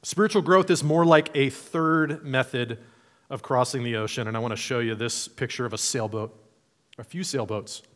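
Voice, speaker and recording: A man's voice: medium pitch, normal speed. A man preaching a sermon in a conversational, playful way, acting out imagined voices. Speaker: pastor.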